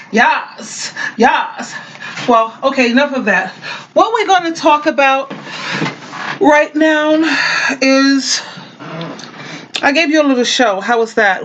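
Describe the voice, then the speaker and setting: A woman's voice: high voice, lively intonation, takes it slowly, a bit bright, slight background noise. A woman vlogger chatting casually to her viewers in a playful, teasing way.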